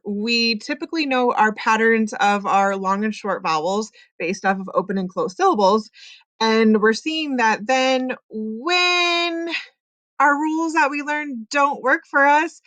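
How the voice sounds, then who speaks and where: A woman teaching a reading lesson, patiently sounding out words slowly and explaining each step. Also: fairly high pitch, fairly bright tone, dry recording. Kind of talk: classroom phonics lesson.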